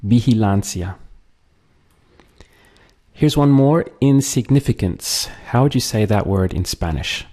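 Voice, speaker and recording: A man teaching a language lesson, patiently drilling words and pausing for the listener to repeat them. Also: medium pitch, animated, mellow. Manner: slow, patient, drills words and pauses for repetition.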